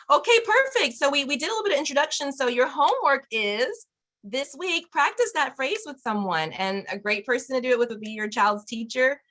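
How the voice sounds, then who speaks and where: Woman, bright tone, slightly high voice, upbeat Spanish teacher, video call. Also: expressive, normal speed. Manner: cheerful, encouraging, laughs often. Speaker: parent Spanish class teacher. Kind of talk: online Spanish lesson for parents.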